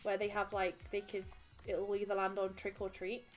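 A woman's voice: medium pitch, monotone, moderate pace, faint music behind. A woman hosting a live game stream, talking casually in a chatty, rambling way with lots of fillers and giggles. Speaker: streamer and host.

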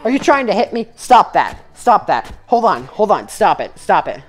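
A woman's voice: mid-range voice, big pitch swings, moderate pace, faint music behind. A woman giving comedic, profane commentary while playing a VR game and chatting with its characters. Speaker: gamer.

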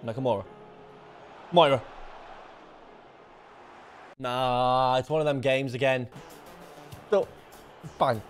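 A young man commentating his own football video game match, muttering under his breath and then bursting into shouts. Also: slow, long pauses, clean tone, faint music behind. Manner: excitable, swings from low muttering to shouted outbursts. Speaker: gaming YouTuber. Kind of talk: live gameplay commentary.

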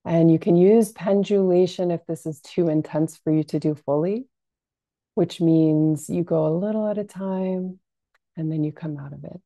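A woman practitioner leading a gentle guided self-soothing lesson, speaking softly and calmly with frequent fillers. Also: lowish voice, no echo. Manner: soft, unhurried, calming delivery with frequent fillers. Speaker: compassionate inquiry practitioner.

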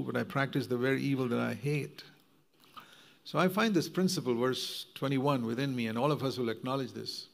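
A man preaches to a congregation with earnest, conversational warmth and keeps turning to his listeners with questions. His mid-pitched voice has a gravelly, creaky edge. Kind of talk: sermon.

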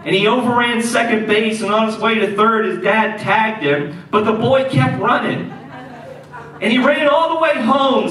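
A man preaching a sermon as pastor, telling stories in an animated way and repeating key lines for emphasis. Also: high voice, normal speed, a little hiss or hum. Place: church sanctuary. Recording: echoey church hall, mic at a distance.

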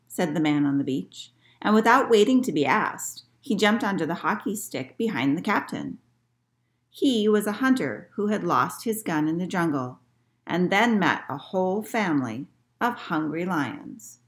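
A woman librarian reading a picture book aloud to children in an expressive storytelling manner. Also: fairly low pitch, moderate pace.

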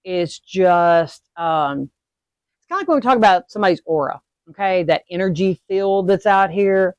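Casually walking listeners through a witchcraft lesson, a woman with a fairly low, clean voice speaks at a moderate pace, asking "okay?" or "all right?" after nearly every point and becoming animated when she acts out sudden emotions. The recording is dry and lo-fi.

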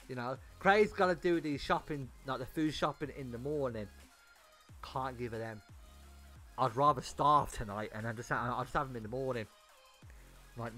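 A man's voice: on the high side, animated, moderate pace, pushed and bright, soft background music. A young man on a gaming livestream, telling a story casually and animatedly, swearing and repeating words as he goes. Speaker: gaming streamer.

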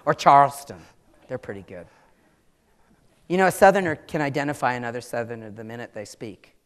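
This author, a woman from Maryland with a Southern accent, fields public questions frankly and conversationally, laughing easily. She speaks at a normal speed in an extremely low, animated voice and pauses often.

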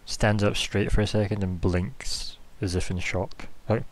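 A man's voice: on the low side, steady tone, unhurried. A man narrating as game master of a tabletop game, rambling with lots of fillers. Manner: rambling, full of "kinda, like" fillers.

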